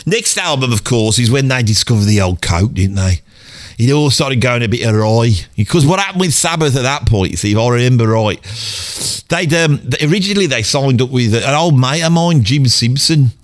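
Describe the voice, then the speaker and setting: A man's voice: mid-range voice, expressive, normal speed. An older man with a Brummie accent, rambling casually through old stories and mimicking people as he goes. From Birmingham, England. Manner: chatty, swears mildly, breaks into sung and mimicked bits. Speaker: storyteller guest.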